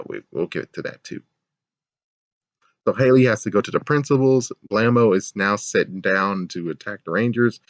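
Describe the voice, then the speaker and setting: A man's voice: on the low side, no echo. A man giving a casual episode review, ranting sarcastically, laughing often and swearing. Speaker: show reviewer. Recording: dull, lo-fi, dry sound.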